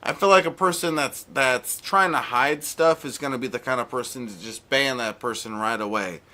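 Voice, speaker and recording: A young man streaming live rants at someone in chat, sarcastic, heated and mock-pleading. His voice is medium in pitch, bright and forceful, at a moderate pace.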